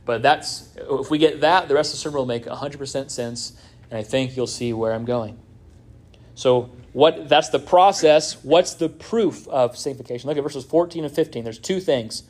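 A man's voice: medium pitch, moderate pace, darkish tone. A man with a Midwestern American accent preaching a sermon as pastor, conversational, often checking in with "right?".

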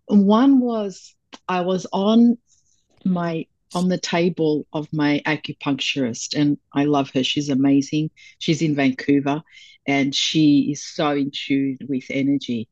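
Soft-spoken woman on dull, dry audio. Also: low voice, steady tone, a little slow, dry recording. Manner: thoughtful, searching for words. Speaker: guest, breathwork coach. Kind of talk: casual conversation.

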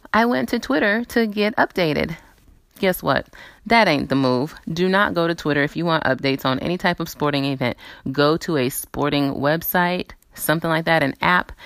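A woman in her thirties hosting a casual chat show, telling stories in an animated way and acting out quoted voices. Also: low voice, clear, resonant tone, no echo. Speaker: host. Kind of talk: casual chat and movie previews.

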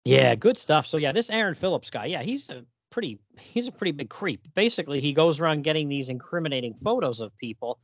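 A man's voice: fairly high pitch, sing-song, fairly quick, few pauses, no room sound. A man co-hosting a casual podcast, enthusiastic and laughing often as he recaps stories. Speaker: podcast co-host. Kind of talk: casual chat.

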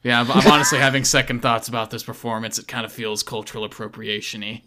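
A game master putting on a deadpan, world-weary movie-star voice, low and quick, in a tabletop game. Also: close to an everyday voice. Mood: laid-back. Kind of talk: tabletop game role-play.

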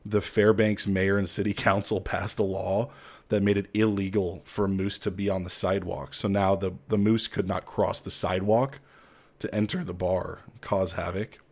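A man's voice: deep voice, little pitch movement, normal speed. A young adult man hosting a solo comedy podcast, talking in a mock-grandiose, tongue-in-cheek way. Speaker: podcast host.

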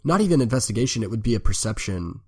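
A man's voice: lowish voice, big pitch swings, fast talker, a little mellow, breathy edge. A man co-hosting a casual podcast, chatting about building a fantasy world and breaking into playful bits. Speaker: podcast co-host.

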